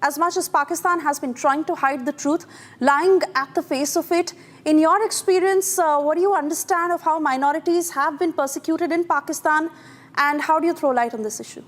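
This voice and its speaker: A woman anchoring live TV news, introducing guests and reading breaking news in a brisk, emphatic manner. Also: high-pitched, in a large hall.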